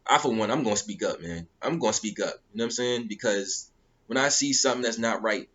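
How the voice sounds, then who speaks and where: Man, battle rap commentator, hot-headed casual rant, sharp bright tone, muffled low-fi sound. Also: quick pace. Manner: heated and repetitive, often asking "you know what I'm saying".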